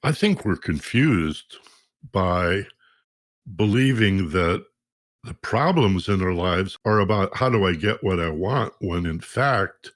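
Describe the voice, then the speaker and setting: Deep voiced guy host, musing, asks probing questions, dry close sound. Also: lively intonation, slow, no echo. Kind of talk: reflective interview talk.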